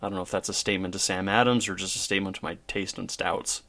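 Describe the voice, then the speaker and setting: A man's voice: deep voice, fast, dry recording. A man chatting casually, telling stories animatedly and leaning on fillers. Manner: animated storyteller, many fillers. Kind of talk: casual chat.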